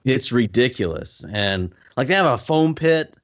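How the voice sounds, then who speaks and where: A man co-hosting a podcast, telling a story with animated voices and laughter. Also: medium pitch, measured pace, dry recording, highs cut off. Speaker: podcast co-host. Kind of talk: casual storytelling chat.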